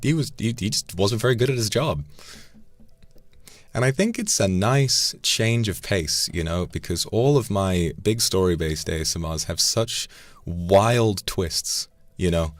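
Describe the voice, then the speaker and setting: A man's voice: low voice, animated, a little slow, no room sound. A man casually chatting on a livestream, swearing now and then and tripping over repeated words. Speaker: streamer.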